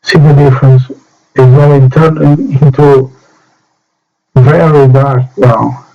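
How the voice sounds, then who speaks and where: Halting slow man. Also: mid-range voice, steady tone, vocal fry. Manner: halting, short phrases with pauses. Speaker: miniature painting hobbyist. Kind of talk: slow hands-on painting demo. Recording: dull lo-fi sound with soft music.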